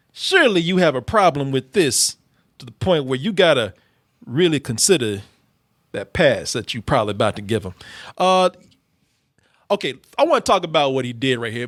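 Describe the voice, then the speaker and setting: A man's voice: on the high side, fairly bright tone, dry recording, studio quality. A man hosting a casual commentary talk show, speaking emphatically with many restarts. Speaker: show host.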